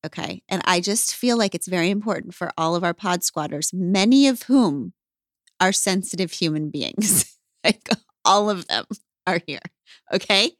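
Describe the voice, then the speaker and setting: A woman hosting a podcast, telling stories in an emphatic, animated way. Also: fairly low pitch, moderate pace, dry recording, studio quality. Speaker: podcast host. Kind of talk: casual podcast chat.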